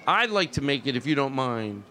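A man hosting a comedy podcast, setting up an improv scene with an animated delivery and frequent laughter. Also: mid-range voice, moderate pace. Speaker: podcast host.

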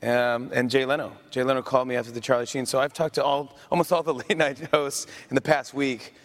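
A man hosting a live audience Q&A, chatty and quick to laugh, often restarting his sentences. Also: medium pitch, level tone. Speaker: late-night talk show host answering audience questions. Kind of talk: casual live Q&A on stage.

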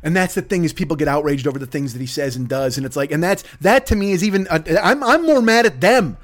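A man's voice: a little high, expressive, fast talker. A man ranting in a profane comedic monologue as a podcast host, swearing heavily and slipping into mocking voices. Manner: rants with heavy swearing and mock voices.

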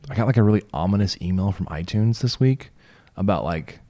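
Low, dark-voiced male podcast host. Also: animated, fairly quick. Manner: joking, rambling with restarts. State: losing his voice. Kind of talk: casual chat.

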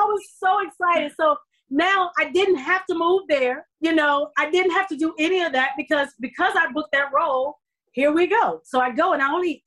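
A middle-aged woman, an actress guest on an interview podcast, telling her story in a lively way and acting out the dialogue. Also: sits high. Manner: animated, acts out quoted dialogue.

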